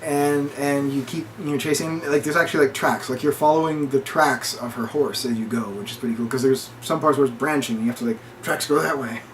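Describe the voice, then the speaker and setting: A man's voice: mid-range voice, fairly even intonation, fairly quick, few pauses, slight background noise. A man co-hosting a casual chat, retelling a story with lots of quoted dialogue and restarts. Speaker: podcast co-host.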